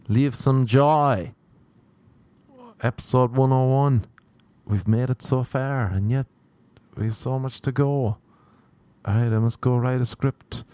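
A man's voice: medium pitch, mellow, no room sound. Profane, rambling male podcast host. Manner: profane, rambling, self-mocking rants. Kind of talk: casual solo monologue. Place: Los Angeles.

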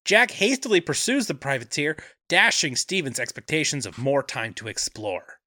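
A man co-hosting a movie podcast, summarizing the plot and cracking deadpan jokes. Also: fairly high pitch, moderate pace, no room sound, studio quality. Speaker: podcast co-host. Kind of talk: casual movie podcast chat and plot recap.

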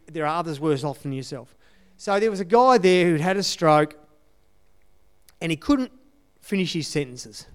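Man, sermon testimony, earnest and conversational, somewhat high voice, smooth clear tone. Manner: earnest, conversational, repeats key phrases. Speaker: church speaker sharing testimony.

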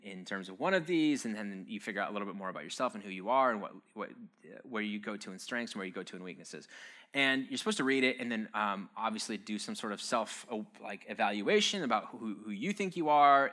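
A man's voice: lowish voice, sharp tone. A man giving a casual, joking sermon-style talk, conversational and wry, with frequent "um"s and "uh"s.

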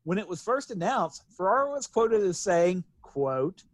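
A man's voice: high voice, very animated, a little slow, no room sound. A man hosting a casual film podcast, laughing often and reading quotes aloud. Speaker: podcast host.

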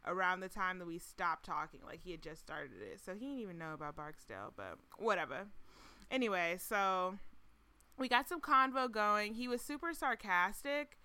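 Bright clear-voiced woman on a podcast, chatty, laughs a lot, sarcastic. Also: mid-range voice, lively intonation, moderate pace. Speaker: podcast co-host. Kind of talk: casual storytelling chat.

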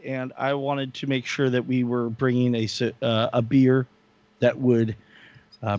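A man's voice: medium pitch, no echo, muffled recording. A man co-hosting a casual chat show, talking earnestly and rambling with many fillers. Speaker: podcast co-host.

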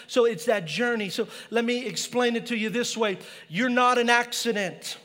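A man's voice: very high-pitched, moderate pace, hardly any pauses, bright, forceful tone, in a large hall. A male pastor preaching a passionate sermon in a church, mixing personal stories with scripture.

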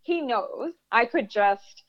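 A woman in her thirties telling a story in a casual interview, animated and swearing freely. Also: a little high, slow. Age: 30s. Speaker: guest storyteller. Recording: dull lo-fi sound.

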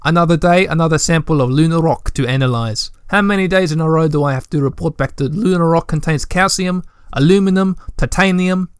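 A man's voice: fairly high pitch, a little fast, hardly any pauses, smooth, no room sound, clean studio sound, close to an everyday voice. A man reading out the journal of an exasperated middle-aged male scientist in a fairly plain voice. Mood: grumbling. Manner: complaining, exasperated.

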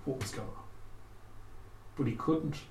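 A man telling a spooky folk tale aloud, with slow, dramatic pauses. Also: medium pitch, darkish tone, slight background noise. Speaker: storyteller. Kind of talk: oral storytelling. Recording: echoey room, faint ambience.

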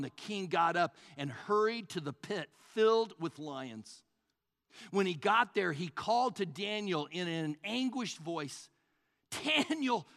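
A male pastor preaching a sermon, swinging between loud, rising passages and hushed, low asides. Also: gravelly, big-room sound.

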